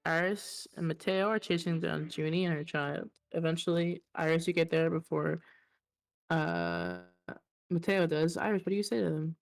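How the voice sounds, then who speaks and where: A woman narrating as game master, calm and measured. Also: low voice, creaky.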